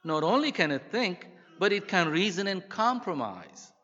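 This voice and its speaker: A man's voice: sits high, sing-song, normal speed, pushed and bright, pitched above the performer's own voice, heavily acted. A man voicing God as an eager, proud male Creator, read in a dull recording with a long hall echo. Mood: tender. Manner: earnest, eager.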